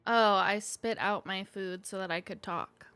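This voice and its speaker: Woman, tabletop player, smooth clear voice, dry close sound, casual, jokey. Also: medium pitch, fairly even intonation, a little slow, a bit bright, no echo. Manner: jokey, self-deprecating. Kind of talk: casual chat between players.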